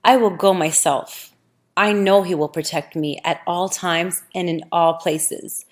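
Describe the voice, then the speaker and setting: A woman voicing a calm, devout older father in a scripture audiobook, steady and reverent. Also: lowish voice, unhurried, natural voice.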